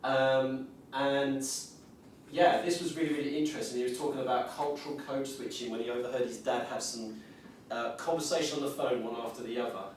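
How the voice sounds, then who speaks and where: A man's voice: mid-range voice, fairly even intonation, fairly quick, slight background noise. Man musing aloud in an echoey hall. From South Essex and North London, England. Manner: thoughtful, musing, with many fillers and restarts. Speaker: conference session presenter and former teacher. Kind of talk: reflective conference talk. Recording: very echoey room from a distance, faint ambience.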